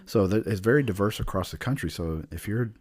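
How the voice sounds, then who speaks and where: A man with a low, husky voice talks casually as a podcast host. He rambles through stories with fillers and laughs along the way. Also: animated, fairly quick, a little mellow. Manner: chatty and laughing, trailing off into fillers. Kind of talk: casual chat.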